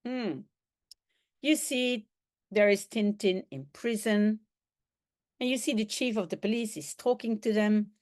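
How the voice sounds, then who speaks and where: A woman teaching a French lesson by reading a comic aloud, translating as she goes, with sound effects and acted lines. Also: mid-range voice. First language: Dutch. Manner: slow, animated reading with sound effects and quoted voices. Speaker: language teacher.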